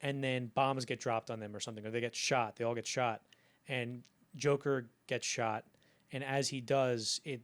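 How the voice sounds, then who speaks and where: A man co-hosting a film podcast tells anecdotes in a loose, chatty way. He jumps into the quoted voices as he tells them, and his pitch sits in an ordinary middle range. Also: normal speed. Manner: animated storytelling, acts out quoted lines. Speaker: podcast co-host. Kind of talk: casual film history chat.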